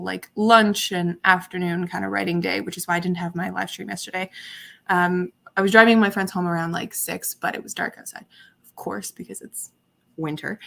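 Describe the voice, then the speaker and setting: Young woman rambling to her stream chat at home, giggly and chatty, mid-pitched voice. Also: creaky, fairly bright tone. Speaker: livestream host. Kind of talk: casual livestream chat. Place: her apartment.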